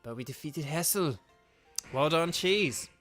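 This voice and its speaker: A man's voice: a little high, expressive, measured pace, fairly bright tone, soft background music. A man streaming a video game, giving casual commentary and playful asides as he reads the game's text aloud. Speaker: gaming streamer and voice actor.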